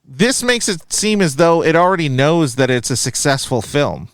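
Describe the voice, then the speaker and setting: A man's voice: on the high side, moderate pace, no echo, clean studio sound. A man in his thirties, chatting casually as a co-host of a movie review podcast, reading a critic's review aloud and questioning it. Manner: animated, reads review aloud, quizzical.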